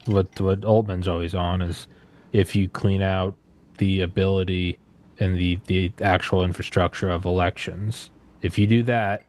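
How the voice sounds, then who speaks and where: Very deep, flat-voiced man co-hosting. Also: a little slow. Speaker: co-host. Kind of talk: casual chat.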